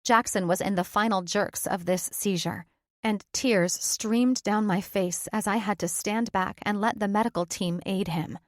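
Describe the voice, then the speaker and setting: A woman narrating a first-person audiobook in a steady, earnest storytelling manner. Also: mid-range voice, measured pace, no room sound, clean studio sound.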